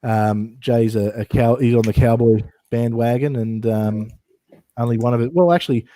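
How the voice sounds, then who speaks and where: A man's voice: mid-range voice, moderate pace, warm tone. An Australian man co-hosting a casual livestream chat, joking and teasing in banter. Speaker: co-host.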